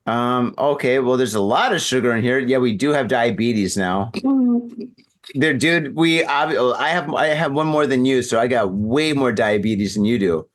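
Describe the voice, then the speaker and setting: A man's voice: mid-range voice, moderate pace. A drunk man hosting a casual talk show, telling a wild story and acting out his own yelps. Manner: animated, acts out his own yelps and voices. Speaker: podcast host. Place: home room in Japan.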